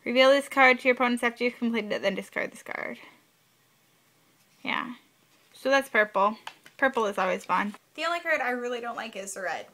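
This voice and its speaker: A young woman talks through game rules for her vlog in a casual, chatty manner, repeating herself for emphasis. Her voice sits a little high and sounds bright and forward. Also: normal speed, pauses often. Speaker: vlogger.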